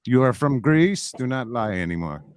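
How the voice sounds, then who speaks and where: A solemn accuser denouncing a liar in formal words, put on by a man. His voice is smooth and lively in pitch, and the sound is dry and close. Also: normal speed, no room sound, close to an everyday voice.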